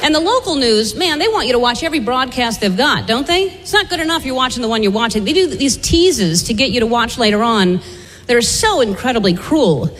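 Woman doing observational standup, high voice, talks fast, wry rhetorical questions. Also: lively intonation, noisy background. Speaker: stand-up comedian.

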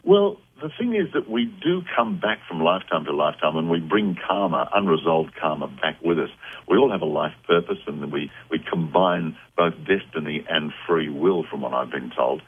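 A man's voice: rumbling low, animated, normal speed, breathy edge. A man speaking as a psychic guest on a call-in radio show, earnest and reassuring as he explains. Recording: tinny phone line.

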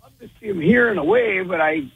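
A man from Minnesota calling into a sports radio show, hoarse after losing his voice, rambling and hesitant. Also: high-pitched, a little fast, narrow, tinny audio. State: hoarse, lost voice. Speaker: radio caller. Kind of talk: call-in talk radio.

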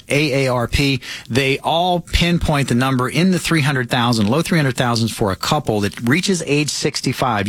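A man's voice: mid-range voice, a bit bright, dry recording. A man in his fifties hosts a retirement-planning talk show with a chatty, upbeat delivery. His voice sits in a middle register and sounds dry and close, with no room around it. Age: 50s. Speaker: host. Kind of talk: radio show hosting.

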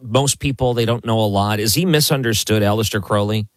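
Male late-night radio host, low voice, dry close sound, chatty and friendly. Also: brisk, dry recording. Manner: friendly, chatty, animated questions. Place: home basement office.

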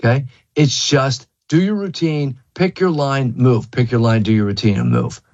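A man's voice: medium pitch, animated, moderate pace, a little mellow. A man giving a casual golf lesson, rambling and repeating himself with many fillers. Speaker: golf instructor. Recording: dull lo-fi recording.

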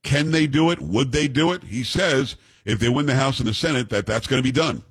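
A man hosting a talk radio show, delivering a rapid, blunt, opinionated monologue into a studio microphone. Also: medium pitch, husky.

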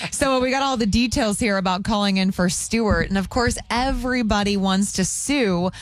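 A woman's voice: mid-range voice, normal speed, no echo. A woman co-hosting a morning radio show, chatty and encouraging. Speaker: radio co-host.

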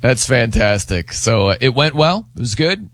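Casual male host, animated delivery and a very dry sound. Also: medium pitch, normal speed, dry recording. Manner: animated, jokey, puts on voices when retelling. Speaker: radio show host. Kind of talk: casual late-night chat.

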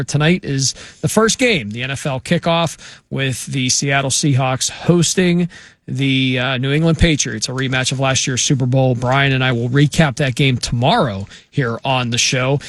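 A man hosting a sports radio show, wrapping up with steady announcer delivery. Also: mid-range voice, dry recording. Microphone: studio microphone.

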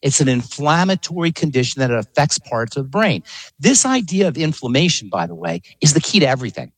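Husky, emphatic male pharmacist guest. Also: medium pitch, very animated, fairly quick, no echo, rough recording. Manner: emphatic, passionate explaining. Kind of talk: radio interview.

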